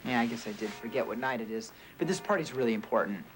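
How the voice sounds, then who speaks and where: A young male actor playing a teenage boy, a high school senior overwhelmed as a new father, pleading and near tears in a 1980s TV drama. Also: fast, lightly acted. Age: teens. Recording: hissy old TV film audio.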